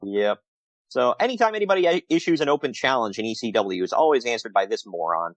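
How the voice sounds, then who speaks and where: A man's voice: mid-range voice, animated, fast, no room sound, highs cut off. A man co-hosting a casual podcast review, rambling and laughing often as he retells things. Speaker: podcast co-host.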